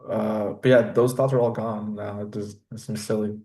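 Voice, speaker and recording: Flat, mellow-voiced man chatting. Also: fairly low pitch, normal speed. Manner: relaxed, reflective, with frequent fillers. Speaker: podcast host. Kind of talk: casual conversation.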